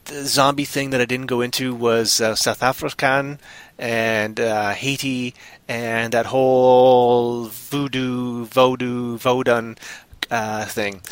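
A podcast host with a mid-range voice chats casually, rambling and joking and now and then bursting into loud, goofy voices. There's no room sound on the recording.

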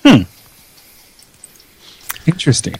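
A man co-hosting a casual podcast chat, dry and teasing, fond of playful wordplay. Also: slow pace. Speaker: podcast co-host.

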